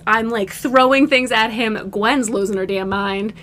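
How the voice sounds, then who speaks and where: A woman co-hosting a casual podcast, telling a story in an animated way and acting out what people said. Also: fairly high pitch, measured pace. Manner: animated storytelling, acts out quotes. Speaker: podcast co-host. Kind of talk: casual chat.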